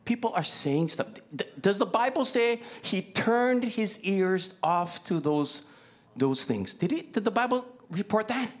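Pastor, male; animated, very lively pitch, chatty Q-and-A preaching style. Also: a little slow. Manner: conversational, asks the congregation many questions. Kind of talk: sermon. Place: church.

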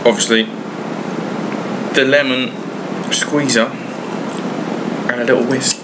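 A man's voice: medium pitch, steady tone, slow pace, heavy background noise. A man presenting in a casual, plain conversational way, explaining an idea to camera. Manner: plain, conversational, loose phrasing. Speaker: presenter of a satanist video. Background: loud music.

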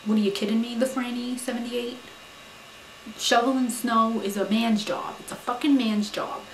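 A woman playing a brash, foul-mouthed young Staten Island woman with a New York accent, who rants loudly and says "you know" a lot. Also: on the high side, steady tone, moderate pace, lightly acted. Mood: chatty, confident. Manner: loud, profane, indignant, full of "you know". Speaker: advice-giving vlogger character. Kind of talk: comic character monologue to camera. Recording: roomy echo.

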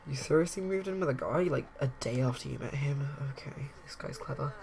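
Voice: medium pitch, fairly quick, gravelly, darkish tone, close to an everyday voice. Commentator voicing a blunt, judgmental young woman. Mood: scornful.

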